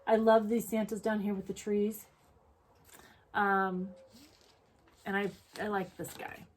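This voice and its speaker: A woman co-hosting a relaxed crafting chat, talking in a rambling way and often restarting. Her voice sits at a middle pitch, with a faint hiss under it. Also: slow. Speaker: co-host. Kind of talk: casual chat.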